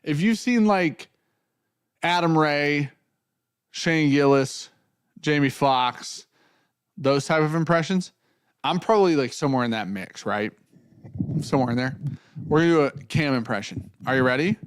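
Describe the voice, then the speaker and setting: A man's voice: a little high, measured pace, pauses often, smooth, no room sound, studio quality. A man hosting a casual whiskey tasting, talking in a loose, joking way with plenty of swearing. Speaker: whiskey show host.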